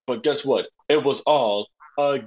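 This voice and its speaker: A man co-hosting a podcast, joking and riffing fast in casual sports banter. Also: medium pitch, dull audio. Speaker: podcast co-host. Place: home podcast studio.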